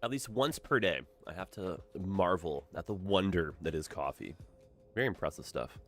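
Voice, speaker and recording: A man with a stuffed-up nose giving casual gameplay commentary, thinking aloud in a relaxed way. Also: low voice, normal speed, faint music behind. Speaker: game streamer.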